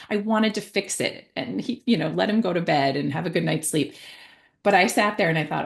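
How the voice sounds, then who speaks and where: A woman's voice: fairly low pitch, brisk, creaky. A woman in her forties, an author telling a parenting story in a chatty way, with many fillers and restarts. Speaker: author and guest. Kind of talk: conversational storytelling.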